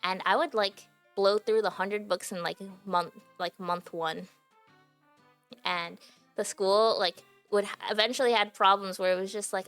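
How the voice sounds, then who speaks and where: A woman's voice: mid-range voice, steady tone, unhurried, a bit bright, clear, resonant tone, soft background music. A young adult woman streaming, chatting casually to her viewers, giggly and filling her talk with "like". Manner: chatty and giggly, heavy use of "like" fillers. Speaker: livestreamer.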